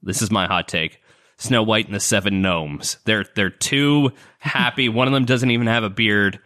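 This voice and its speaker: A man's voice: fairly low pitch, moderate pace, sharp tone. A man playing in a tabletop game podcast, sharing wry, opinionated takes in casual chat. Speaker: player.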